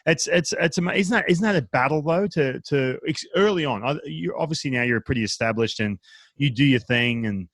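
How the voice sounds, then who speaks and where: An Australian man in his thirties hosting a casual podcast interview, talking quickly with many restarts. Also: mid-range voice, dry recording. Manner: quick, animated, trips over restarts. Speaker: podcast host.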